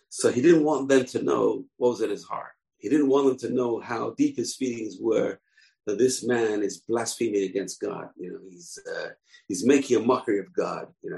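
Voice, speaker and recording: A man's voice: lowish voice, normal speed, creaky, poor audio. A man giving an informal bible lesson, telling the story conversationally with asides. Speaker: bible teacher.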